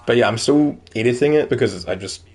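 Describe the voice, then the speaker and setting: A man of ordinary middle pitch chatting through a live game stream. He talks loosely and rambles, with lots of "like" and "um", and now and then reads in-game notes aloud in the same easy voice. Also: brisk, darkish tone, slightly rough. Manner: rambling, heavy use of "like" and "um". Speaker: streamer playing a video game.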